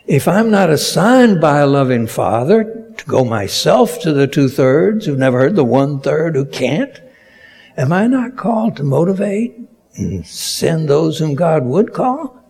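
A man delivers a sermon at an unhurried, measured pace. His voice has a gravelly, husky grain. He builds to strong emphasis on key words and then drops back down. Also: on the high side, sing-song, darkish tone. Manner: slow, deliberate preaching with rising emphatic peaks. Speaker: preacher.

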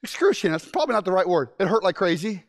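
A man preaching a sermon, telling stories in an animated way with frequent restarts. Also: high voice, very fast.

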